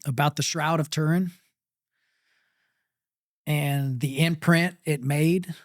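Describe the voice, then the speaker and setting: Middle-aged Texan man, interview guest, slow and halting, dry close sound. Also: on the high side, fairly even intonation, no room sound. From Texas. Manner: halting, with many pauses and fillers. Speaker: pit master guest. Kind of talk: interview storytelling.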